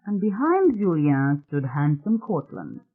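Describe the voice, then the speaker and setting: A narrator giving a steady, dramatic reading of a suspense audiobook. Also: mid-range voice, a little slow. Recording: tinny phone-like sound.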